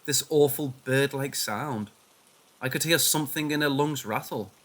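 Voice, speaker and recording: A man reading a first-person horror story aloud in a hushed, tense manner. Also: mid-range voice, normal speed. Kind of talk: scripted horror story narration.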